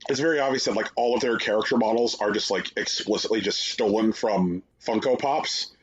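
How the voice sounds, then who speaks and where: A man co-hosting a podcast, talking casually and profanely, sarcastic and mocking, slipping into animated impressions. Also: lowish voice, brisk, slightly rough, lo-fi sound. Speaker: podcast co-host.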